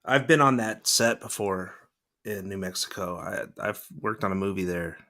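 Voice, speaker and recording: A low-pitched podcast host, formerly a celebrity news producer, rambles through stories at normal speed in casual chat. He brings them to life with lively quoted voices.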